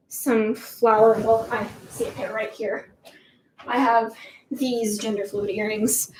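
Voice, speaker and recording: Teenage girl, fairly high voice, giggly, rambling, casual livestream Q&A. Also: a little hiss or hum. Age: teens. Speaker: livestream host. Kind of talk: casual live Q&A chat.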